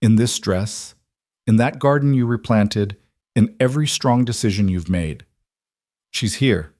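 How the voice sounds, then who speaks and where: A man voicing a calm, steady frontier woman who speaks quietly and firmly in a storybook reading. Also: on the low side, unhurried, dry recording, studio quality, lightly acted. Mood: reassuring. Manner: quiet, firm, reassuring.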